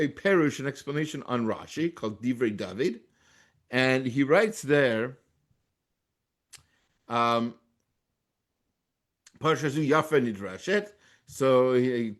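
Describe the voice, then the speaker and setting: A man with an American accent teaching a Torah class as a rabbi. He reads Hebrew texts aloud and translates them, with frequent restarts. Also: mid-range voice.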